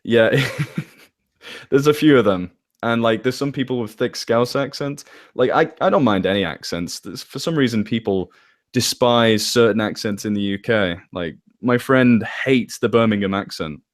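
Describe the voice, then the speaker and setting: A man's voice: medium pitch, normal speed. Chatty man with a northwest English accent. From England. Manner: chatty, rambling, self-correcting. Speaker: interview guest, story narrator. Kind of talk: casual chat.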